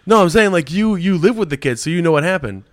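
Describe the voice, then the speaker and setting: A man's voice: high-pitched, quick pace, dry recording, clean studio sound. A young man co-hosting a casual podcast, telling stories with swearing and reading out texts. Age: young adult. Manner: animated storyteller, swears often, reads out texts. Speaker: podcast co-host. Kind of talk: casual chat.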